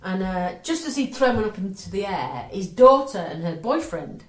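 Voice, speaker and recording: A middle-aged woman co-hosting a podcast, telling jokes with dry punchlines in a brisk manner. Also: medium pitch, sing-song. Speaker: podcast co-host. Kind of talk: casual chat, telling jokes. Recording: roomy echo.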